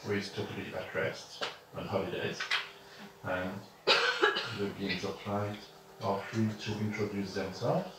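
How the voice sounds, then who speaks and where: French guy talking real slow to a crowd, lots of pauses, far off in a super echoey room. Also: on the low side, level tone, heavy background noise. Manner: slow, halting, with many pauses and restarts. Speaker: spiritual channeler. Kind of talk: speech to an audience. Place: room with an audience. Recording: distant, echoey room sound.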